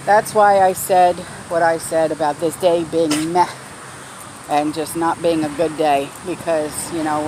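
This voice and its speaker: A woman's voice: low voice, darkish tone, slight background noise, rough recording. A middle-aged woman talking casually in a rambling, heartfelt way, with lots of fillers, in a backyard garden video. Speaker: garden vlogger. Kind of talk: casual vlog talk.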